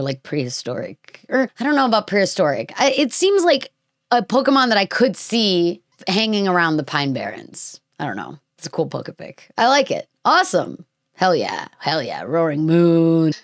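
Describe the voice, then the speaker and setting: Low-voiced woman hosting a casual podcast. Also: dry recording, clean studio sound. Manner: rambling, playful, trails off into fillers. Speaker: podcast host.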